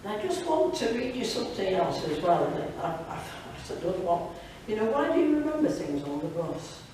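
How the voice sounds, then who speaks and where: A woman's voice: medium pitch, sing-song, normal speed, warm tone, a little hiss or hum. A woman giving a devotional talk at a church fellowship evening, reading a story aloud with chatty asides to the audience. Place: church hall. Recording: very echoey hall, distant mic.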